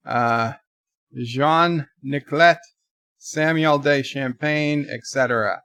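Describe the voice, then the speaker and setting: Guy streaming from bed reading chat out loud, wry and rambly, slowish, fairly high voice. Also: clear, resonant tone, no echo, clean studio sound. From United States. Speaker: livestream host reading donations and chat. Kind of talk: casual chat.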